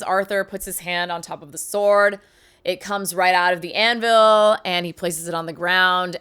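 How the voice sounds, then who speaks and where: A woman casually retelling a film's plot as a reviewer, chatty and enthusiastic, tossing in quick character quotes. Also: mid-range voice, bright, forceful tone, clear, resonant tone. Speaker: movie reviewer.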